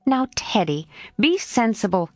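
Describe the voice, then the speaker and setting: A woman's voice: medium pitch, big pitch swings, unhurried, dry recording, voice pushed up. A woman voicing a bold, frank teenage girl. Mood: coaxing.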